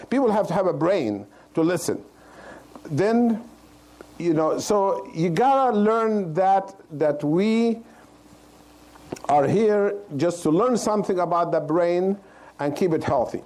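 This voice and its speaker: Speaking to a live audience, a male cardiologist delivers an informal, plain-spoken health lecture with loose grammar, pausing to check in with listeners. His voice is on the high side with a darkish tone, captured on a low-quality recording.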